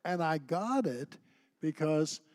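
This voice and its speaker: A man co-teaching a church class who shares personal stories in an animated, conversational way. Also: fairly high pitch, takes it slowly, dry recording. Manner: anecdotal, animated storyteller.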